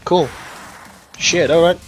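Man, high voice, excitable let's-play commentator who swears at the game; slow, unhurried delivery. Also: a little hiss or hum. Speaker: gameplay commentator.

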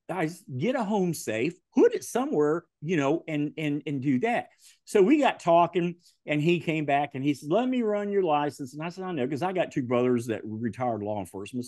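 A man's voice: fairly high pitch, dry recording, clean studio sound. A man, a podcast guest telling stories in casual chat and laughing often. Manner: animated, laughing often through his stories.

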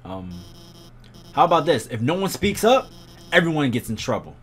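A man's voice: on the high side, very animated, normal speed, slightly rough. A man voicing a nervous, shy female lizard schoolteacher in a game, hesitant and full of ums and uhs. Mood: flustered.

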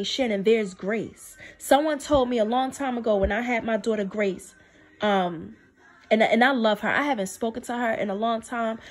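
Woman, spiritual testimony, emphatic, repeats herself for weight, fairly high voice. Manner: emphatic, repeats phrases for stress; drops low and soft to quote God. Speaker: faith video speaker.

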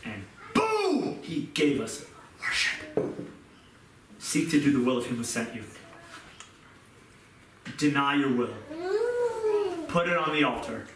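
A man's voice: mid-range voice, a little slow, pauses often, background noise. A middle-aged man preaching a sermon in an earnest, repetitive way, recorded from a distance in an echoey room. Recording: echoey room, mic far off.

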